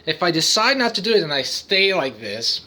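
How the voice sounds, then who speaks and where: With big pitch swings in a fairly high, pushed and bright voice, a man who is a vlogger and autistic father talks to camera at a moderate pace about his own habits. He rambles and interrupts himself, regularly erupting into singing, noises and cartoon voices.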